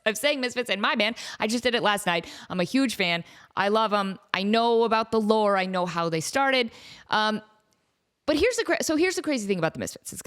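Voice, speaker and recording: A woman hosting a casual solo podcast, excitable and rambling, who keeps breaking into sung snippets and laughter. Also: medium pitch. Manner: talks to her cat. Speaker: podcast host.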